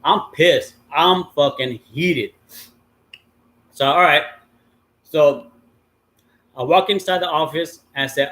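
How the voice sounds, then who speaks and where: This middle-aged livestream host has a fairly high, somewhat bright voice and speaks slowly with long pauses. His long story wanders casually, laced with swearing and many ums and uhs.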